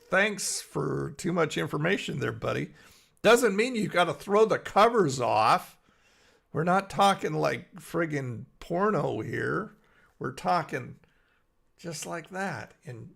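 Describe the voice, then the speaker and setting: A middle-aged man hosts a casual live stream from his bed at home, rambling and chatty as he reads the chat aloud and answers viewers by name. His voice is fairly high-pitched, gravelly, and a bit bright.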